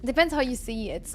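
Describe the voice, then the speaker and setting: A woman streaming a game, chatting casually with viewers, apologetic and laughing often. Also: high-pitched. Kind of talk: casual live-stream chat.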